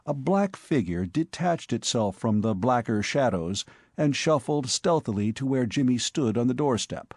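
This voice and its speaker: A man narrating a comic novel as an audiobook reader, in a measured, wry manner. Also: medium pitch, expressive, a little mellow, dry recording, clean studio sound. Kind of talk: scripted narration.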